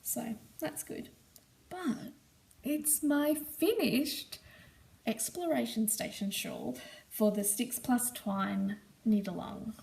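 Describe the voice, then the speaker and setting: Hoarse Australian woman gushing over knitting. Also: on the high side, very animated, slow pace, a little mellow. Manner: gushing, enthusiastic, rambling with ums. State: hoarse, squeaky from smoke. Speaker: knitting podcast host. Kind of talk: casual show-and-tell chat.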